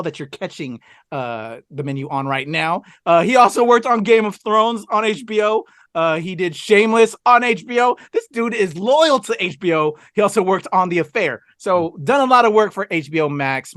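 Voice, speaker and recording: A man's voice: high voice, fairly bright tone, no room sound, studio quality. A man co-hosting a casual film review, talking enthusiastically with lots of fillers and asides. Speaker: podcast co-host.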